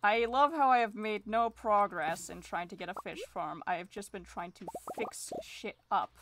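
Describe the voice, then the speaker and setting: A woman's voice: mid-range voice, normal speed, a bit bright, slight background noise. A woman streaming a farming game, rambling in casual commentary, mocking herself and swearing freely.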